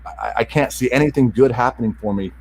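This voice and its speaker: A self-help author with a slightly rough, mid-range voice opens up as a podcast guest about a painful personal story. Emotional and sincere, he stumbles through it, frequently halting, starting sentences over, and repeating words.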